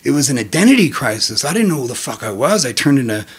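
A man's voice: medium pitch, fast, husky. A man in his thirties telling profane, laughing stories in casual conversation. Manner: profane, laughing, animated storyteller. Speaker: podcast guest. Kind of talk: storytelling in casual chat.

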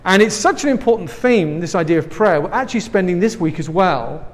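An English man preaching a sermon in a big hall, his slightly raised voice trailing off into long reverb. He talks earnestly but conversationally, and a face mask softens his words. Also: high-pitched, lively intonation, a little fast. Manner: earnest and conversational, with asides and light laughs. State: speaking through a face mask. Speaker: pastor.

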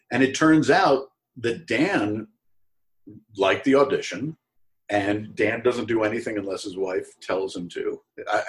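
A middle-aged man, an actor as a guest, casually telling an anecdote and acting out the people in it with jumps up in pitch. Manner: animated storyteller who acts out quoted voices in a higher pitch.

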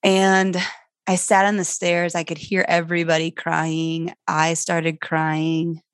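In a clean studio recording with no room sound, a middle-aged woman who is a foster mother and guest recounts a personal parenting story openly and with animation, her voice climbing steeply as she grows worked up. Her voice itself is fairly low and clean in tone, delivered slowly and in a monotone.

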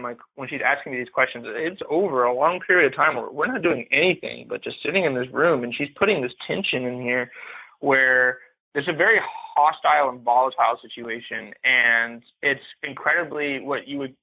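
A man telling his own story as a podcast guest, speaking haltingly and often repeating or restarting phrases. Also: mid-range voice. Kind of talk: personal story in interview. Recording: tinny phone-like line.

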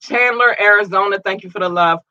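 A man hosting a podcast, reading out listener shout-outs in a casual, upbeat way and tripping over place names. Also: high voice, fairly quick, dry recording, highs cut off. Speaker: podcast host.

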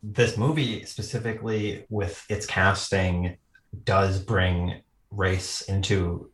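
A man's voice: deep voice, fairly even intonation, slow, a bit bright, reverberant, rough recording. A man in a casual film discussion, thoughtful and analytical, often laughing mid-sentence.

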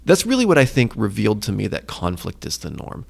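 A man co-hosting a casual faith podcast, retelling stories with lively acted-out quotes. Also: fairly low pitch, a little fast, creaky. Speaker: podcast co-host.

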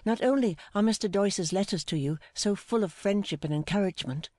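Little Dorrit, a woman voicing a timid gentle girl. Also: medium pitch, fairly quick, no room sound, studio quality, natural voice. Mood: tender. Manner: soft, hesitant and affectionate. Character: gentle, timid young woman, tender and devoted. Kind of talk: audiobook dialogue reading.

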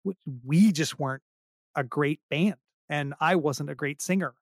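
In a clean studio recording with no room sound, a middle-aged man with a slightly high voice talks unhurriedly. He's a singer-songwriter guesting on a podcast, self-deprecating and rambling, restarting his sentences often.

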